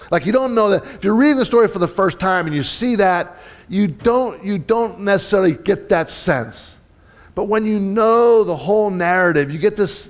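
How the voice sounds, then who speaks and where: Lively conversational male pastor preaching. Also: on the high side. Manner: conversational, asks the congregation "right?" often; lively, swings between loud and soft. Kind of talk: sermon.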